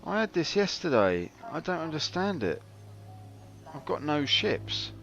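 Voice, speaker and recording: A man chats through his game stream with a wry, self-mocking humour, his voice rising and falling in lively swings. The audio is a touch dull, with faint game music underneath. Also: on the high side, unhurried, vocal fry. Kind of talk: casual live-stream commentary.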